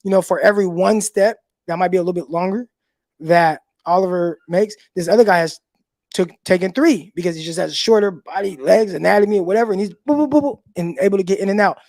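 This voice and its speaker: Casual sports talk host. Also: male voice, sits high, quick pace, darkish tone, no echo. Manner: loose, conversational, swears casually, thinks aloud with fillers.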